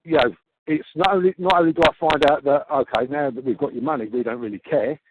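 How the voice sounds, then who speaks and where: A man's voice: on the high side, background noise. Exasperated man on a tinny phone call. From Australia. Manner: exasperated, halting, repeats himself. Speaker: customer on a complaint call. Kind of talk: heated phone complaint.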